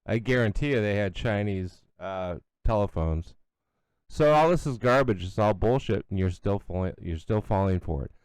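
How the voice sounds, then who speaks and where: Middle-aged male commentary host, blunt and sarcastic. Smooth, resonant voice, close and dry. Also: fairly low pitch, animated, moderate pace, a little mellow, no echo. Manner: blunt, sarcastic, scornful, with asides and restarts. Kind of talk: opinionated solo commentary.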